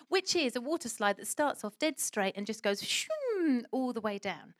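A woman preaching a sermon and telling a lively personal story, acting out what people said. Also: a little high, moderate pace, hardly any pauses, no echo. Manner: animated storytelling, acts out quoted voices.

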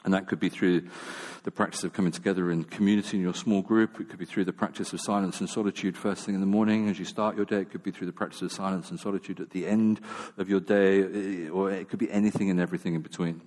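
A man's voice: deep voice, steady tone, quick pace, few pauses, darkish tone. A man preaching a sermon in a casual, self-deprecating manner, with many fillers and restarts. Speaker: pastor. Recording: long reverb of a large hall.

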